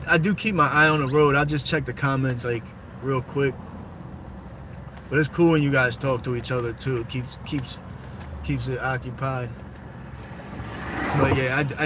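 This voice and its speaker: A livestreamer with a steady, mid-range voice chats profanely with his live audience at normal speed while driving, reading their messages aloud as he rambles. It's recorded on a phone inside the moving car, with loud road noise.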